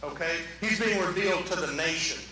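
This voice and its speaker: A man's voice: a little high, a little fast, pushed and bright. A man preaching a sermon to his church, folksy and joking with the congregation. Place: church sanctuary. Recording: echoey church from a distance, faint noise.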